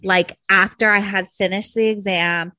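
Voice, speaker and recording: A young woman chats animatedly as a podcast co-host, swearing freely along the way. Her voice sits at an ordinary pitch. The sound is dry and close, with no room around it. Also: fairly even intonation, normal speed, sharp tone, no echo. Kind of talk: casual chat.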